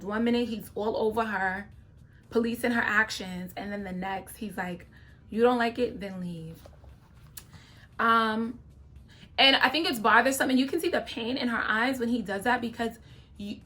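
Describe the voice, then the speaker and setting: A woman's voice: a little high, sharp tone. Opinionated woman giving casual commentary. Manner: opinionated, talks straight to viewers, frequent "okay?" asides. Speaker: reaction video host.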